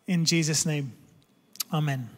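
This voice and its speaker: Guy in his 30s preaching, high voice, lively storytelling, big echoey church hall. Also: measured pace. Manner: animated, self-deprecating storyteller. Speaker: pastor. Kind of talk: sermon with personal storytelling.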